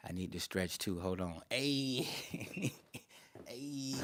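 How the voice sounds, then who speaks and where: A man's voice: lowish voice, takes it slowly, noisy background. Laid-back man chatting on a livestream. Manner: laid-back, animated, slangy, talks to chat as "y'all". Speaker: livestream host. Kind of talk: casual livestream chat.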